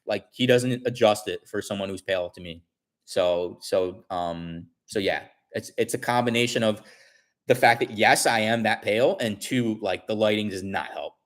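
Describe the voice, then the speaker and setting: A man's voice: fairly low pitch, normal speed. Rambling man chatting on a livestream. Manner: rambling, many restarts, animated retelling. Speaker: livestream host. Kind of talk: casual livestream chat.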